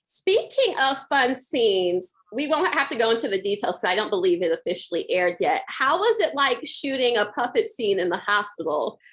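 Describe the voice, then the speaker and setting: A woman's voice: on the high side, very animated, moderate pace, hardly any pauses, fairly bright tone. Young woman interviewer, upbeat questions. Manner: upbeat, filler-laden, "like" and "kind of".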